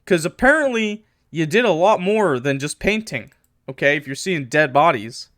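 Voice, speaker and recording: Jokey streamer reacting to a game. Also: male voice, fairly high pitch, animated, moderate pace, no echo, clean studio sound. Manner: jokey, loud reactions, reads aloud dramatically. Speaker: gaming streamer. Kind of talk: playthrough commentary.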